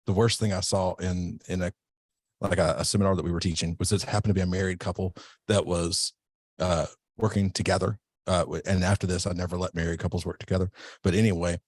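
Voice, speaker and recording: A man's voice: sits low, no room sound. A man who teaches self-defense, talking casually and at length in a podcast interview, often restarting his sentences. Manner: relaxed, rambling, self-correcting.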